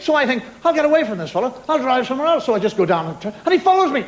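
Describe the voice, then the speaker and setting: A man's voice: very high voice, animated, fast, few pauses, crowd noise. Ranting middle-aged male stand-up comic. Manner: exasperated ranting with mimicked voices and sound effects. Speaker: stand-up comedian. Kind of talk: stand-up routine before a live audience. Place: television studio stage. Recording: live show audio with audience noise.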